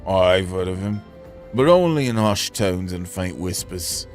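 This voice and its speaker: A secretive male merchant in a game gossips in a low, hushed voice with a put-on accent, as a man puts him on. The voice sits below the performer's own pitch, with faint music behind. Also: lively intonation, measured pace.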